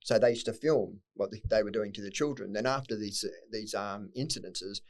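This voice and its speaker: Blunt, fast-talking Australian man. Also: fairly low pitch. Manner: blunt, swears freely, emotional at times. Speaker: podcast guest. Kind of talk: candid personal storytelling.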